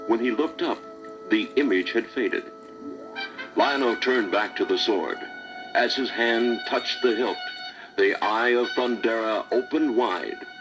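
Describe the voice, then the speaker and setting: A man narrating a children's storybook record in a dramatic read-aloud style. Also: medium pitch.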